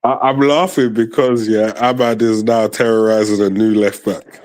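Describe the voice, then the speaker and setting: A man co-hosting a fan stream, chatting about the match in a measured, hesitant way with many pauses and restarts. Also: on the low side, flat delivery, darkish tone. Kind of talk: casual match chat.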